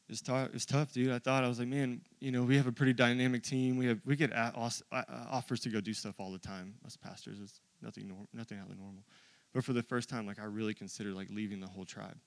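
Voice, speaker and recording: Casual, conversational male pastor preaching. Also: dry recording. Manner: casual and confiding, says "dude" and "like" a lot; builds from quiet, low storytelling to loud, high-pitched preaching. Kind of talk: sermon.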